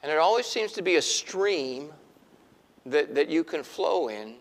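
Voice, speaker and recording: A middle-aged man preaching a sermon in an animated way, acting out the voices he quotes. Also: on the high side, measured pace, in a large hall. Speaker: pastor.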